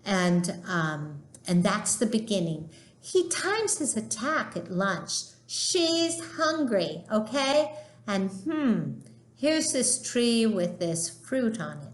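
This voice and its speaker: A woman's voice: medium pitch, big pitch swings, slow, echoey room. A woman teaching literature in a chatty, emphatic lecture style. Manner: chatty, emphatic, acts out quoted dialogue. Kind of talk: informal lecture.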